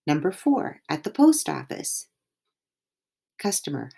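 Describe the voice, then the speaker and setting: A woman teaching beginner English, reading out polite phrases and short example dialogues slowly and clearly. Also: sits low. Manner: slow, clear, lively intonation.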